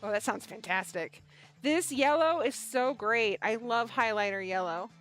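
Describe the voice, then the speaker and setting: An animated woman from the Pacific Northwest chats on a livestream for her small yarn shop, her voice a touch high and lively. She stumbles over restarts, laughs easily and swears without a second thought, while soft music plays faintly underneath. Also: a little slow. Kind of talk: casual livestream chat with a staged phone-call skit.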